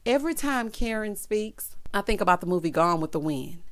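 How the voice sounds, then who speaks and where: A woman giving a sassy, expressive TV recap, calling her viewers honey and child. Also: lowish voice, moderate pace, hardly any pauses. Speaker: TV recap reviewer. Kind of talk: casual recap commentary.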